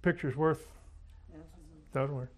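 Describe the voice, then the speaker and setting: A man's voice: on the high side, steady tone, measured pace, a little mellow. Folksy preacher man telling stories. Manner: folksy storytelling, dramatic swings in volume. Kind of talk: sermon with anecdotes.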